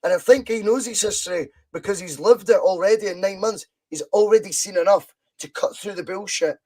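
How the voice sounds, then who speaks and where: A Scottish man in his thirties hosting a casual football podcast over a video call, talking in an excitable, sweary, rambling way. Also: high voice, fairly quick, rough recording.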